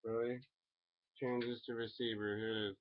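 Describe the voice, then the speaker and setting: A man's voice: medium pitch, level tone, moderate pace. A man rambling casually in a solo video, full of fillers. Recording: dull lo-fi recording.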